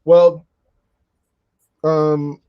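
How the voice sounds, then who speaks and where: Slow-talking laid-back man, dull sound. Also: a little high, flat delivery, clear, resonant tone. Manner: laid-back, laughs a lot, many fillers. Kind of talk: casual chat.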